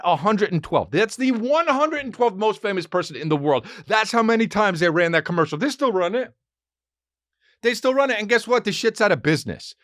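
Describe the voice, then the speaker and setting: Animated profane man hosting a podcast. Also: dry recording, studio quality. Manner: profane, excitable, swings into high-pitched bursts. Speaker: podcast host. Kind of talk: rambling comedic monologue. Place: home studio with dog present.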